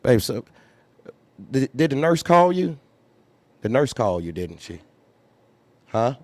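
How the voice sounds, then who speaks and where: A man's voice: medium pitch, very animated, takes it slowly, a little mellow, no echo. A man who runs a trucking company, candidly telling a story in a blunt, profane way and repeating phrases for emphasis. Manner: acts out others' lines in raised voice.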